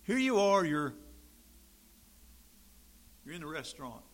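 A man preaching a sermon in an animated, sarcastic way, swinging from quiet remarks to loud, emphatic bursts. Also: fairly high pitch, a little slow.

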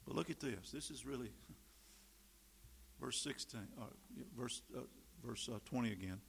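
A middle-aged man preaching a sermon, swinging from loud emphatic stresses to quiet asides. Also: medium pitch, measured pace, gravelly, a little hiss or hum. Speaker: pastor.

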